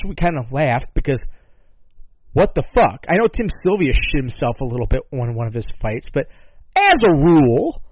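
A man's voice: a little high, no echo. A man hosting a talk show who rambles in a sarcastic, profane way, with many asides and swearing. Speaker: podcast host. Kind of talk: casual profane commentary. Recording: dull lo-fi dry sound.

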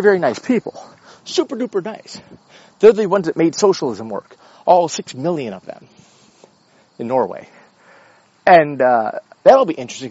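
A man's voice: fairly high pitch, husky, dry recording, lo-fi sound. An American man ranting in a casual, blunt and profane way about current affairs. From United States. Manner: profane, blunt, lively and opinionated. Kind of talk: casual rant.

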